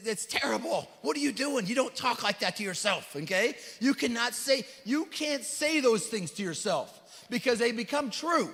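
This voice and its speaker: A middle-aged man with a very high voice delivers a motivational speech from a stage. He talks in short, punchy bursts, often tags lines with "right?", and drops from loud rallying to quiet, earnest asides. His voice rings out with the long reverb of a big event hall. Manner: punchy, repeats "right?" and "you guys", swings from loud to hushed. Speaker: company leader speaking at a convention.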